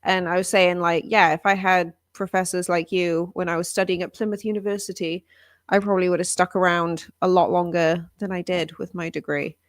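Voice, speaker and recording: A woman from Wales with a softened Welsh accent, co-hosting a casual livestream chat over a video call in a bubbly, gushing way. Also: lowish voice, little pitch movement, brisk, no echo, clean studio sound. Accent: softened Welsh, leaning British. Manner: bubbly, gushing, laughs often. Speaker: co-host.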